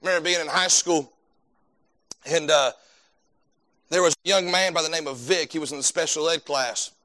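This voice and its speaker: Bright-voiced fervent male preacher. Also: a little high, normal speed. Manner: fervent, repeats words while building points. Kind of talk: sermon.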